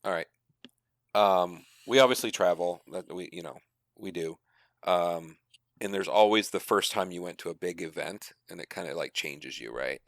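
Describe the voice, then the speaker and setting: Podcast co-host, male, low and gravelly, relaxed questions. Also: moderate pace, dry recording, clean studio sound. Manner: relaxed, asks questions, brief agreements. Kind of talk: casual podcast chat.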